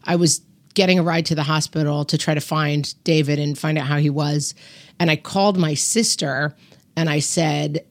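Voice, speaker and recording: A woman's voice: low-pitched, fairly even intonation, normal speed, dry recording. Woman guest telling a story, dry sound. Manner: storytelling with frequent "like". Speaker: podcast guest. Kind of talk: casual conversation.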